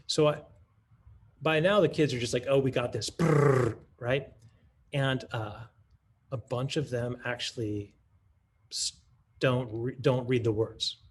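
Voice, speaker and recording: A man's voice: mid-range voice, slow pace, long pauses, slight background noise. Teacherly man presenting a math lesson. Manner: teacherly, thinks aloud with restarts and rhetorical questions. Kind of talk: conference talk modeling a classroom lesson.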